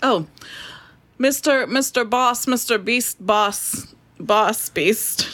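Young woman playing in a tabletop game, bit higher voice, playful and quick. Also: fairly bright tone. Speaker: player. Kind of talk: in-character tabletop play.

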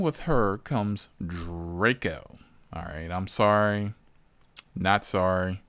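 A man, a rideshare driver, telling stories in a profane, animated, exasperated way. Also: deep voice, slow, smooth, dry recording. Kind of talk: casual storytelling.

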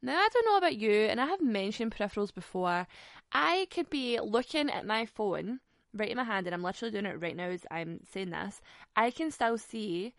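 A young Scottish woman tells a story in a casual, sweary, sarcastic way. Her voice has a gravelly fry, and the recording is dry, with no room sound. Her talk stays animated and cutting throughout. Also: mid-range voice, normal speed, no echo.

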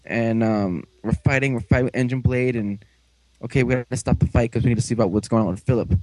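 A man's voice: mid-range voice, steady tone, a little mellow, no echo, low-quality recording. Guy rambling thru a show recap, does goofy little character voices, dry no-room sound. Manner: rambling, acts out characters' lines in quick put-on voices. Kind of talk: casual episode recap.

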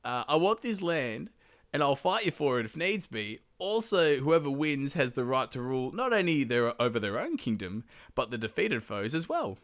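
Give me a cocky young prince hero who looks down on everyone, as a man puts him on, lively and full of swagger. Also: mid-range voice, moderate pace, pitched above the performer's own voice. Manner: swaggering, cocky, slangy trash talk. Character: brash arrogant young male prince hero. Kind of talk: comedic podcast retelling.

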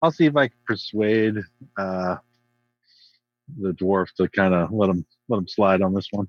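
Low-voiced man on a dull mic. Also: a little slow, dry recording. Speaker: player. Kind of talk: casual play chat.

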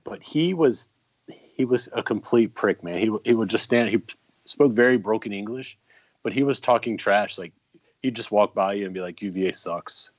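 A man's voice: lowish voice, moderate pace, dry recording. A man in his forties, a podcast co-host, telling a casual story with lots of ums and restarts. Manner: rambling anecdotes with many ums and restarts. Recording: dry, slightly muffled podcast mic.

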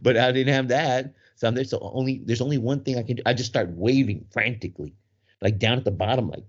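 On a muffled lo-fi recording, a middle-aged man co-hosting a podcast tells a story animatedly, laughing along the way. His voice is mid-range and fast, and the storytelling is casual.

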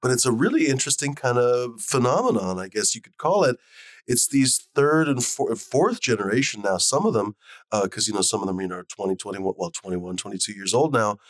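A man talks in relaxed, rambling chat and swears now and then. His voice sits in the middle of the range, and the sound is close and dry. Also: mid-range voice, brisk, no echo. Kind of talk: casual chat.

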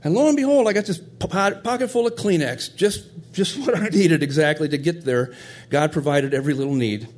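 A man's voice: a little high, a little fast, few pauses, darkish tone. A middle-aged man telling a heartfelt personal story in a conversational, tender way.

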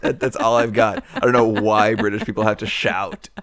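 A man's voice: lowish voice, flat delivery, moderate pace, a bit bright. A man co-hosting a casual film podcast, joking, laughing often and reading lists from his notes. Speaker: podcast co-host.

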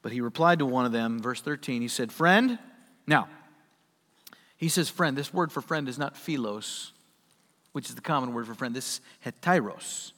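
A man preaching a sermon, animated and folksy, acting out the characters in the parable he reads. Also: medium pitch, normal speed, big-room sound. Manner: animated, acts out quoted voices, folksy asides. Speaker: pastor.

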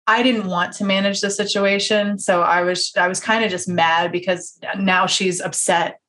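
A woman telling a story in a casual podcast interview, animated and laughing often, acting out the people in it and swearing casually. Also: lowish voice, normal speed.

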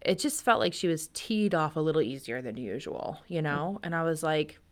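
A woman hosting a podcast, talking in a relaxed, conversational way and sharing stories from home. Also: deep voice, moderate pace. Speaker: podcast host. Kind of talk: casual podcast interview.

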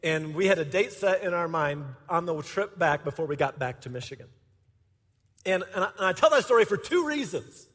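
A man in his forties with a notably high voice tells a lively, laughing story from a church stage. His words ring out with a long hall reverb. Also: fairly quick. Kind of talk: humorous personal storytelling to a congregation. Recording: echoey hall.

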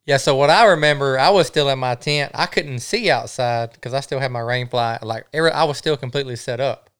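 Easygoing guy, smooth voice. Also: mid-range voice, brisk, a bit bright. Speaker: trip companion. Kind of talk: casual storytelling.

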